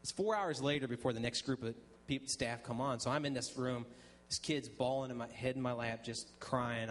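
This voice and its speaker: A man's voice: mid-range voice, steady tone, a little fast, slight background noise. A man sharing his testimony at a church, telling a story conversationally with frequent ums and restarts and acting out the dialogue. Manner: acts out dialogue in quoted voices. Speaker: guest speaker sharing testimony.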